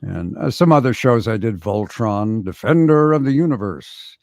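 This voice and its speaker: Older male voice actor, gravelly timbre, dry close mic, easygoing and modest. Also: fairly low pitch, normal speed, no room sound. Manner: relaxed, self-deprecating, stammering restarts. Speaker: voice actor guest. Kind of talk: casual interview chat.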